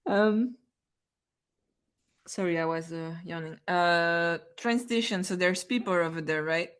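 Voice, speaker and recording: A woman playing a tabletop game, talking in an animated, hesitant way and often exclaiming. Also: fairly low pitch, measured pace, clear, resonant tone. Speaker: player.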